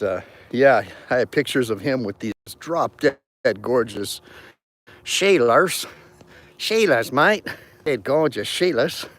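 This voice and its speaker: A joking man in his fifties talks casually on a live stream, chuckling between thoughts. His voice sits at an ordinary middle pitch, and the tone stays loose and conversational. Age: 50s. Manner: chatty and joking, laughs often. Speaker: attorney hosting a live stream. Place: outdoors in a park on a cold morning.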